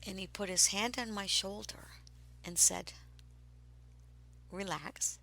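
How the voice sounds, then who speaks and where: A woman telling a personal spiritual story, slow and breathy, sometimes dropping to a whisper and sometimes turning emphatic. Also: medium pitch, low-quality recording. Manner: grows excited and emphatic.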